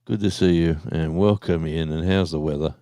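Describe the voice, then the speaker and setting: Deep-voiced Australian man streaming live. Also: fairly even intonation, moderate pace, mellow, no room sound, studio quality. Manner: rambling, chatty, easygoing. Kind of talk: casual live stream chat.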